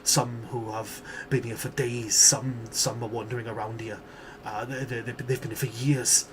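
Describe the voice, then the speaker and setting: A man's voice: mid-range voice, little pitch movement, normal speed, lightly acted. A man voicing a frightened, half-insane trapped man who whispers shakily and stammers, repeating his words. The recording is noisy. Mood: terrified. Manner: shaky, whispering.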